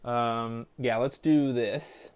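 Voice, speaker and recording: A man talking his way through a soldering job on a live stream. He mutters and thinks aloud in a quiet, offhand voice, half to himself and half to the chat. Now and then he drops a dry, jokey aside. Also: mid-range voice, steady tone, extremely slow, smooth. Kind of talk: casual live-stream commentary while soldering.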